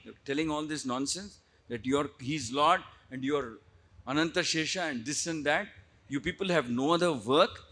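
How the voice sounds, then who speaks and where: A man's voice: a little high, bright, forceful tone. A man doing a stern scolding mother. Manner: scolding, dismissive.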